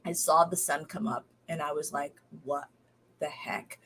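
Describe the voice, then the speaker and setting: A woman's voice: low-pitched, steady tone, measured pace, pushed and bright, slight background noise. A woman in her thirties chatting casually diary-style, rambling with many fillers and restarts, tired and recovering from illness. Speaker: podcast host.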